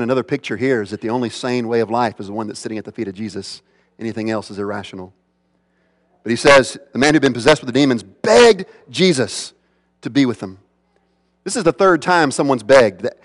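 A man's voice: medium pitch, long reverb tail. A man preaching a sermon as pastor, emphatic, with repeated phrases and rhetorical questions.

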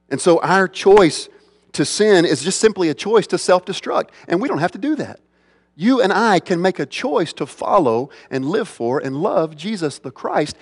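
Emphatic male preacher in a reverberant hall. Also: high voice. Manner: emphatic preaching with repetition and rhetorical questions. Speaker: pastor. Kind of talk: sermon.

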